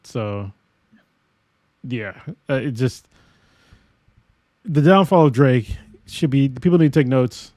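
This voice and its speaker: A man's voice: medium pitch, lively intonation, takes it slowly, long pauses, mellow, no room sound, clean studio sound. Laid-back man chatting on a podcast. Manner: laid-back, trailing off with fillers. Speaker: podcast co-host. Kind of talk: casual chat.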